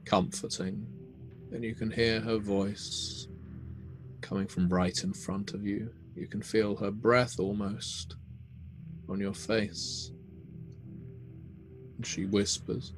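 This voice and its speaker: A man running a tabletop horror game, narrating in a slow, measured, ominous way. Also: on the low side, level tone, faint music behind. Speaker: game master.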